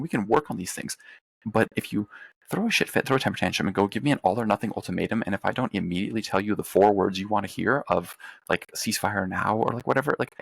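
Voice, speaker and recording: A young man from the United States talks quickly and forcefully, stacking points with casual profanity. His voice is low with a gravelly edge. The sound is dry and close. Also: no room sound. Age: young adult. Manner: fast, profane, emphatic ranting. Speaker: podcast host. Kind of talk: casual political chat.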